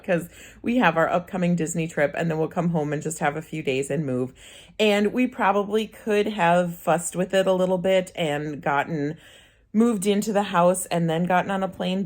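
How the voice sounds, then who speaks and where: A woman with a low voice talks to her camera in a relaxed, chatty vlog. She tells a personal story, laughing easily and restarting her sentences as she goes. She sounds like she is in her thirties. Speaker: vlogger. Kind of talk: casual chat to camera.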